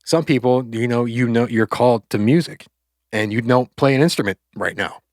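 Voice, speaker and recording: A man co-hosting a faith podcast, casually retelling a Bible story in loose, chatty speech, with quick asides and quoted lines. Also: mid-range voice, no room sound, clean studio sound. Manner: loose, conversational, acts out quotes with filler words. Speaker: podcast co-host.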